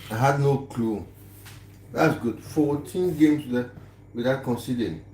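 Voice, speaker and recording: A man with a medium-pitched, darkish voice hosts a laid-back live stream at a measured pace, greeting viewers, chatting, and laughing easily. The recording has an echoey room sound and faint background noise.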